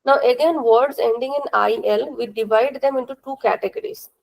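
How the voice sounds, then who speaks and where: A woman's voice: a little high, normal speed, vocal fry, a little mellow, poor audio. A young woman with an Indian accent teaching a language class, explaining step by step in a patient, repetitive way and checking in with questions.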